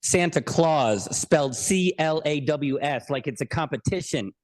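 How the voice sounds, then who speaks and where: A man's voice: fairly high pitch, expressive, a little slow. A man talking as a podcast guest in casual interview chat, joking, self-deprecating and rambling.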